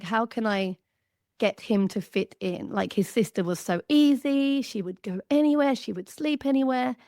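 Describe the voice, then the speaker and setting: An Australian woman in her thirties, a guest author talking in a chatty, animated way on a podcast. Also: mid-range voice, no echo, studio quality. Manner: animated, chatty, lots of "like" fillers. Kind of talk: podcast conversation.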